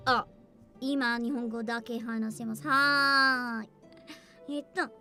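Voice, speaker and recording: A woman VTuber chatting casually with her livestream viewers in a high, youthful voice, bubbly and animated, with frequent swearing. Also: fast, soft background music. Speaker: VTuber streamer.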